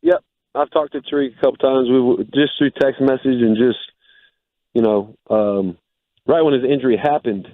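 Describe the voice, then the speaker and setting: A man's voice: mid-range voice, steady tone, normal speed, no echo. Upbeat man on a tinny phone line. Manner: upbeat, laid-back, many fillers like "like". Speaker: guest, former pro football player. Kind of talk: casual radio interview. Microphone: phone call-in.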